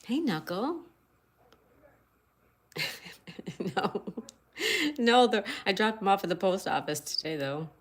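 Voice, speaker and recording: Her mid-pitched voice is expressive and slow, with long pauses. As a livestream host in a relaxed setting, she welcomes viewers by name, reads their chat aloud, and spells crossword answers one letter at a time.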